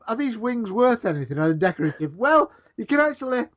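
Male podcaster, excitable and crude, muffled lo-fi recording. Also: extremely high pitch, quick pace. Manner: sweary, excitable, mock-indignant. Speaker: podcast co-host. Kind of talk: crude, rambling casual banter. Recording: dull lo-fi recording.

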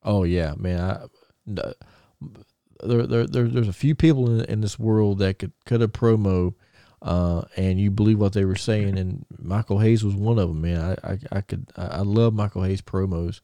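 A man hosting a podcast, telling stories in casual chat with excited, rambling restarts. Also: on the low side, moderate pace, no room sound. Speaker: podcast host.

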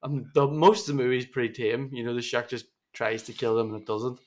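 A man's voice: medium pitch, steady tone, brisk. A young man, co-hosting a podcast in casual chat, telling stories with dry humour and frequent laughter. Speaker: podcast co-host.

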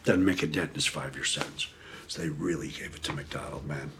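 A man's voice: very deep voice, fairly quick, a little hiss or hum. A middle-aged man from the United States telling prison stories in an interview, swearing freely and acting out the voices in his quotes. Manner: profane animated storyteller, acts out quotes, laughs often. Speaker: podcast guest. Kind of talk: storytelling interview.

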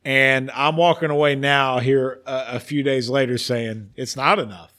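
A man hosting a casual sports podcast, ranting with animated, theatrical emphasis. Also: mid-range voice, unhurried. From West Virginia. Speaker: podcast host.

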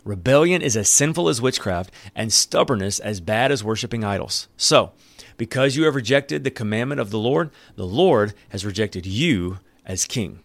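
A man's voice: on the low side, lively intonation, gravelly, no echo. Man, preacher, sermon with scripture reading, earnest, emphatic, dry sound. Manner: earnest, emphatic, with dramatic pauses. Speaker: pastor.

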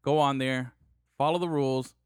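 A man's voice: mid-range voice, steady tone, moderate pace, a little mellow, clean tone, dry recording, studio quality. A man hosting a podcast in casual banter, joking, laughing and rambling between topics. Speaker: podcast host.

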